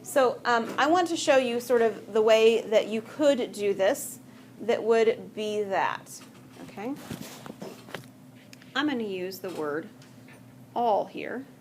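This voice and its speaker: A woman's voice: on the high side, lively intonation, takes it slowly, long pauses, slight background noise. A woman teaching math to a class, talking patiently and conversationally and often checking that students follow. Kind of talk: classroom lecture.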